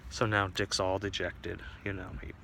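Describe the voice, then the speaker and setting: A man telling a comic story aloud, playful and animated, recorded on a phone outdoors. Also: sits low, moderate pace, vocal fry, a little hiss or hum. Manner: animated, playful, voices many characters. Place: outdoors at a cemetery.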